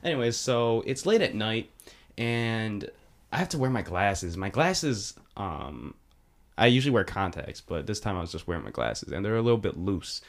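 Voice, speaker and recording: Animated rambling young man. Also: lowish voice, normal speed, vocal fry. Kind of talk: casual storytelling chat.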